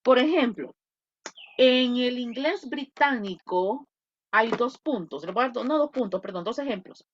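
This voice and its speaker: Woman teacher on a video call, animated and higher-pitched, keeps checking "okay?", faint noise behind. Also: normal speed. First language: Spanish. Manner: switches between English and Spanish, repeats points, asks "okay?". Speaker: English teacher. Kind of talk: online class lecture. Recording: dull lo-fi audio.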